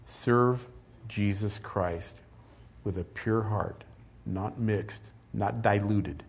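A man's voice: on the low side, vocal fry, darkish tone, breathy edge. A middle-aged man preaching a sermon as pastor, earnest and rising to emphatic peaks.

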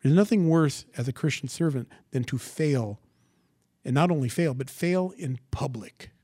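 A man preaching a sermon, asking the congregation rhetorical questions and swinging from quiet asides to loud, dramatic scripture reading. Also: medium pitch, expressive, moderate pace, no room sound, studio quality. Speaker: pastor.

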